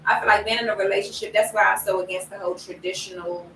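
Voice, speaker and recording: A woman's voice: mid-range voice, fairly even intonation, fast talker, fairly bright tone. A woman in a casual group discussion, talking things through reflectively and acting out her own past outbursts. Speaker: panel guest. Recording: roomy, distant mic with faint noise.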